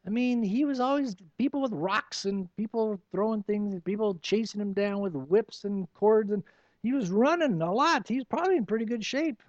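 Male pastor, high voice, animated sermon, dry dull recording. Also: normal speed, no echo. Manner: expository preaching, animated with rhetorical questions.

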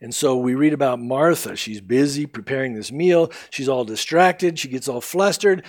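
A male pastor preaching a sermon in a conversational, animated way, with casual asides to the congregation. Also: mid-range voice, normal speed, hardly any pauses.

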